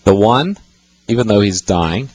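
A man's voice: on the low side, expressive, measured pace, no room sound, poor audio. A man hosting a call-in radio show, patiently explaining Bible passages to callers. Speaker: radio Bible-teaching host.

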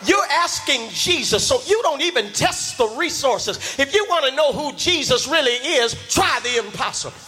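A man a sermon, shouting and half-singing his lines in a rising preacher's cadence. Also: very high voice, lively intonation, normal speed, few pauses, soft background music.

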